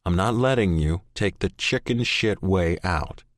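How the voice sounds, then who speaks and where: Male narrator doing a measured, earnest middle-aged dad with a low, steady voice, close and dry. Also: no echo. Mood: earnest, firm. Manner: earnest and measured, rising to stern. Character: calm, steady middle-aged adoptive father. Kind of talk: audiobook character voice.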